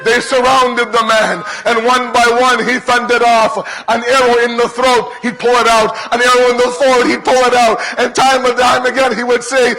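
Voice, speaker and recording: A man's voice: very high-pitched, flat delivery, a little slow, bright, forceful tone, low-quality recording. A man preaching a mourning sermon with impassioned narration that rises to cries. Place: gathering hall.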